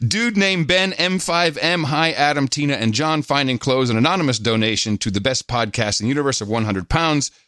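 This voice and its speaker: A man hosting a podcast, reading out listener donations and notes in a casual, halting way with many filler pauses. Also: medium pitch, bright, forceful tone, dry recording, studio quality. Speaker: podcast host.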